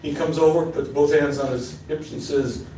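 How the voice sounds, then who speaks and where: A rabbi lectures on marriage, telling stories in an animated way and often pausing to clear his throat. His voice sits a little high for a man. He is recorded from far off, and a large hall's heavy echo surrounds every word. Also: a little hiss or hum. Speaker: rabbi giving a marriage seminar. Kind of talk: sermon-like lecture with storytelling. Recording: echoey hall, mic far off.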